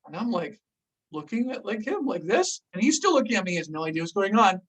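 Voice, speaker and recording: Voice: medium pitch, big pitch swings, fast talker, slightly rough, far from the mic, low-quality recording. A person casually telling a personal story, with lots of "like" and acted-out gasps. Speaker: host recounting a diving story.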